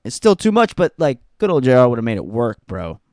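A man's voice: mid-range voice, big pitch swings, fast talker, darkish tone, no echo, studio quality. A young adult man hosting a podcast, ranting in a blunt, profane way and repeating points for emphasis. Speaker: podcast host. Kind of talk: casual ranting commentary.

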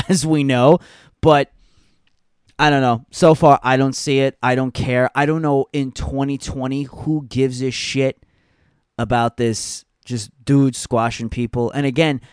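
A man's voice: mid-range voice, a little mellow, clear, resonant tone, dry recording, clean studio sound. A young adult man hosting a podcast, ranting in a blunt, profane way and repeating points for emphasis. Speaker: podcast host. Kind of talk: casual ranting commentary.

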